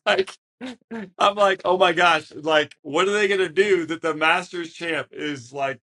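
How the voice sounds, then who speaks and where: A man co-hosting a podcast, chatting in an excitable way and laughing along. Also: high-pitched, measured pace. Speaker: podcast co-host. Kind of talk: casual chat.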